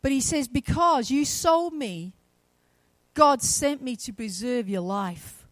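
A woman preaching a sermon, retelling a story with shifts from quiet to loud, emphatic passages. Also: sits high, animated, takes it slowly, dry recording.

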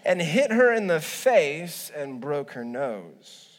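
A man preaching from the pulpit with a slightly higher voice than most men. He tells stories with joking asides, rising loud and then dropping low. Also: takes it slowly. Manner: humorous, animated storytelling with asides. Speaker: pastor. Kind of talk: sermon.

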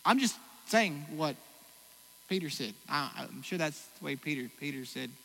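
Bright-voiced preaching man in a reverberant hall. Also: fairly high pitch, expressive, moderate pace, vocal fry. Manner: preaching with strong swings between loud exclamations and hushed reflection. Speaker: pastor. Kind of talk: sermon. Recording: hall reverb, faint noise.

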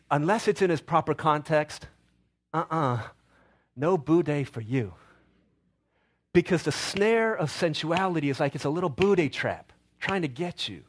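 A middle-aged male pastor preaching a sermon, telling stories with playful quoted voices and asides. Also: fairly high pitch.

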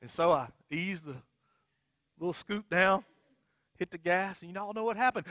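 A middle-aged man, a pastor, preaching a sermon, telling a funny story with big outbursts, then dropping into quiet, earnest appeals. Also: sits high, moderate pace, pauses often, dry recording, studio quality.

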